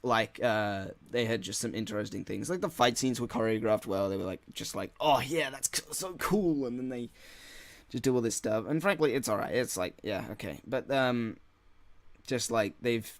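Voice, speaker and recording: A man's voice: fairly low pitch, normal speed, vocal fry, dry recording. A man hosting his own gaming channel, ranting in a casual solo podcast with many filler words and frequent swearing. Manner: rambling, frustrated, heavy swearing and filler words.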